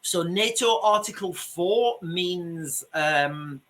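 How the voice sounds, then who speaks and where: Emphatic Yorkshire man, bright voice. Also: high-pitched, slow pace. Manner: emphatic, repeats himself, addresses viewers as ladies and gentlemen. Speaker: commentator on a video channel. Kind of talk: screen-share commentary.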